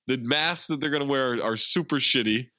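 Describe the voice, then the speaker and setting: A man's voice: medium pitch, moderate pace, bright, forceful tone, no room sound. A man co-hosting a podcast, casually retelling movie scenes, acting out the lines and laughing often. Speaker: podcast co-host. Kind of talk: casual movie recap chat.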